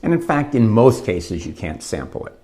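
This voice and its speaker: A man giving a recorded course lecture, explaining plots step by step in a measured way. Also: lowish voice, big pitch swings, dark tone.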